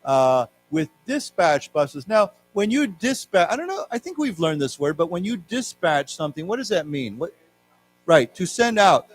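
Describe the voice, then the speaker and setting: A man teaching a live English lesson in a library lecture hall. He explains words and leads the class in repeating them, drawing the model words out slowly. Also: a little high.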